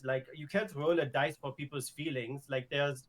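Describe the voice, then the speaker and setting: Man, fairly high voice, upset and ranting in character, lots of fillers and restarts. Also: fairly even intonation, normal speed, hardly any pauses. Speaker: roleplay player. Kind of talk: in-character roleplay venting.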